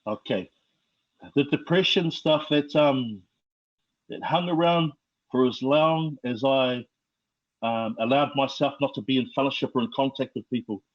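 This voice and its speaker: A middle-aged man with a New Zealand accent, telling his life story as a podcast guest in a slow, reflective way with many fillers. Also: medium pitch, lo-fi sound. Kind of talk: personal testimony.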